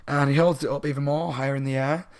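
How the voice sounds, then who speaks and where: A man with a sore throat casually retelling a book plot as a reviewer, rambling and animated. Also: mid-range voice, fast. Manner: rambling, animated, laughing asides.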